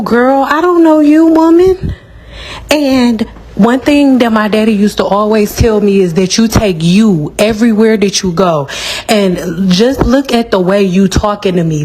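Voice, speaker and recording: A woman's voice: mid-range voice, darkish tone. Blunt, sassy woman stylist ranting. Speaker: hair stylist. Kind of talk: casual direct-to-camera rant.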